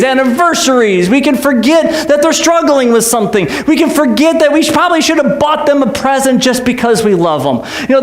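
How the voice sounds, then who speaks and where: A man's voice: very high voice, roomy sound. A man preaching a sermon as pastor, conversational and joking, full of rhetorical questions. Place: church sanctuary.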